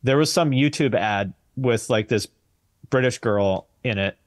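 A man's voice: mid-range voice, a little slow, no echo, studio quality. A man with an American accent, a podcast guest in casual chat, blunt and swearing freely. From United States.

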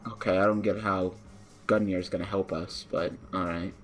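With soft music in the background, a young man hosting a gaming channel narrates a card game live in a deep, level voice at normal speed. Things going wrong bring on frustrated ranting, heavy swearing, and shouting.

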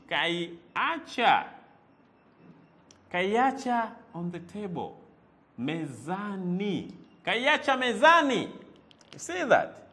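A man's voice: sits high, fairly bright tone. A man teaching a language lesson, repeating words and quizzing the listener with "eh?" as he goes. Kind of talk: lively spoken language lesson.

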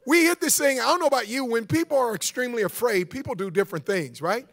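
A man preaching a sermon as guest pastor, telling stories in an animated way and calling on the congregation to respond. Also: very high-pitched, fast. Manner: animated storytelling preacher, calls for audience response.

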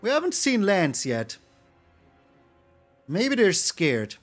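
A man giving excitable, animated live commentary over his own card game, now and then breaking into loud shouts. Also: high-pitched, takes it slowly, long pauses, soft background music. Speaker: gaming YouTuber.

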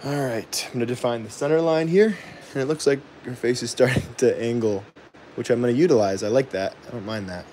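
A man hosting a live woodcarving stream, thinking aloud with many pauses and fillers and chuckling at his own jokes as he reads viewer comments. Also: mid-range voice, a little mellow, slight background noise. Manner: chuckles often, jokey and self-deprecating. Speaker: woodcarving livestream host. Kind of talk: live carving demo, chatting with viewers.

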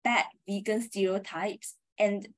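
A woman's voice: mid-range voice, fairly even intonation, slow pace, a bit bright. A young female student speaking casually over a video call, with many filler words. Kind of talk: class presentation discussion.

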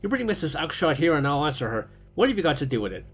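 A man voicing a gruff, loud market goose salesman who blusters and scoffs, in a storybook reading. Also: fairly high pitch, expressive, a little fast, faint music behind, heavily acted. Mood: furious. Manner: blustering, scornful.

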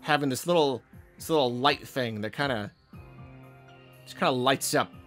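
A man's voice: mid-range voice, normal speed, a bit bright, soft background music. A man hosting a video game channel, giving enthusiastic, rambling reaction commentary on a trailer. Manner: enthusiastic, rambling with fillers and restarts.

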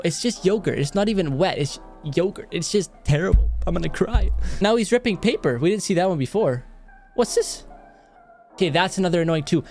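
A man hosting a reaction video, talking casually with animated, exasperated outbursts and frequent laughs. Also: high-pitched. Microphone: headset microphone.

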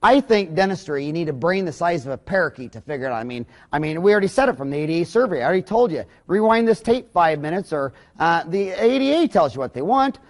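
A man's voice: on the high side, sing-song, fast, few pauses. A man, a dentist, giving a rambling, blunt and folksy business lecture full of anecdotes.

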